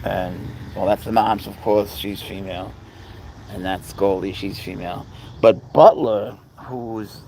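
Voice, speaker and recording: A man's voice: on the low side, fairly even intonation, measured pace, vocal fry, a little mellow, slight background noise, low-quality recording. A man hosting a casual livestream, rambling as he talks to his cats and answers viewers' chat. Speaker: livestream host.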